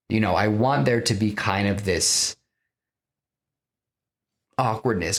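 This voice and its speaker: A man hosting a podcast, casually pitching a story in an animated, rambling way with lots of fillers. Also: slow, long pauses. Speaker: podcast host.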